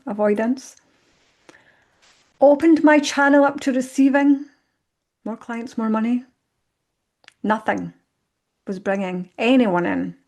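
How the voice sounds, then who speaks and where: Animated woman telling her own story. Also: on the high side. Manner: animated, acts out her own past thoughts. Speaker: podcast guest. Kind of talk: reflective storytelling.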